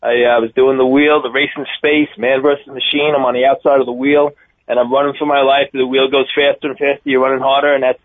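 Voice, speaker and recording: A man's voice: medium pitch, fast. Long Island man on a phone line. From Long Island, New York. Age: 50s. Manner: chatty, animated storyteller. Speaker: circus daredevil performer, guest. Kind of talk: phone-in interview. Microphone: telephone.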